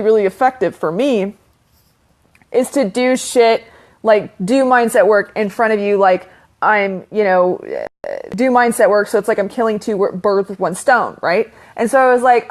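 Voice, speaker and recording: A woman's voice: mid-range voice, normal speed, darkish tone. A young woman talks straight to her livestream viewers, loose and chatty, wandering through her thoughts with plenty of fillers. She swears freely and casually, like she's catching up with friends. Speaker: online business coach.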